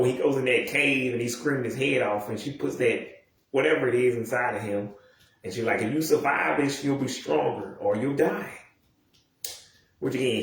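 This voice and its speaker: A man in his thirties rambling casually and profanely, with many restarts and asides. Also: mid-range voice. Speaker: video commentator. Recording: very echoey room, mic far off.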